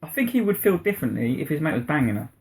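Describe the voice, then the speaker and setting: A man co-hosting a casual podcast, retelling stories in a lively way and laughing a lot. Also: on the high side, rapid-fire. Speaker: podcast co-host. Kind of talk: casual chat.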